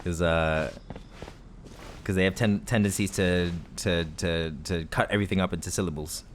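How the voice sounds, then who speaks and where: A man's voice: low voice, steady tone, moderate pace, a little hiss or hum. A man hosting a let's play, giving rambling, jokey gameplay commentary and laughing often. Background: game music.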